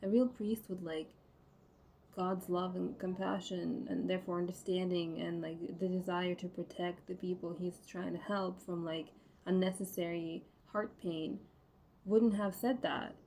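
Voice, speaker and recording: A woman's voice: lowish voice, fairly even intonation, measured pace, creaky, mellow, a little hiss or hum. A woman talking casually and bluntly to her viewers, rambling with constant "like" fillers and frequent swearing. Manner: rambling, heavy use of "like" fillers; profane, blunt.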